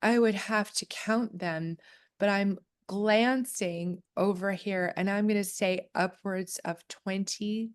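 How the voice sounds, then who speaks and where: A woman's voice: mid-range voice, steady tone, takes it slowly, clean tone. Woman, chatty co-host, casual talk, reads aloud from a booklet. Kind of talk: casual chat on clan history.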